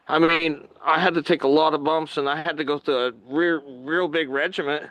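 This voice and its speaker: Male podcast guest, high voice, animated storyteller who acts out quotes. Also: brisk, few pauses, low-quality recording. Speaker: guest wrestler.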